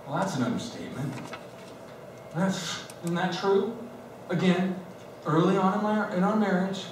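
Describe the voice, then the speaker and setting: High-voiced man preaching in an echoey hall. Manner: animated storytelling, acting out both sides of a marital argument. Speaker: pastor. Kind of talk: sermon. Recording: distant mic in an echoey hall with noise.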